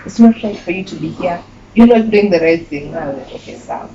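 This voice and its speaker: A young woman with a Kenyan accent tells a personal story as an interview guest, animated and quick to laugh. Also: on the low side. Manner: animated, laughing, mixing in Swahili phrases. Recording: muffled with clear background noise.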